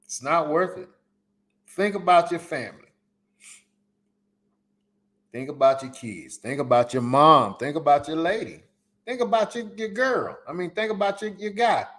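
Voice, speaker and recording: A man's voice: on the high side, expressive, a little slow, long pauses, fairly bright tone. A man hosting a solo live podcast, giving emphatic, repetitive advice in casual slang. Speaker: podcast host. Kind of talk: solo live-stream commentary.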